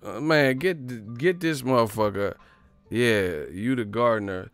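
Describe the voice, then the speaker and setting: A man's voice: medium pitch, measured pace, clear, resonant tone, no room sound, soft background music. A man, a boxing vlogger, giving casual, joking commentary full of slang and profanity.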